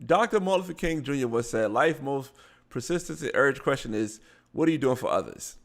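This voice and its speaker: A man's voice: mid-range voice, lively intonation, fairly quick, vocal fry. A man with a Baltimore accent, hosting a live show, reading news aloud with stumbles and blunt asides. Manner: reads articles aloud, stumbling over words and adding blunt asides.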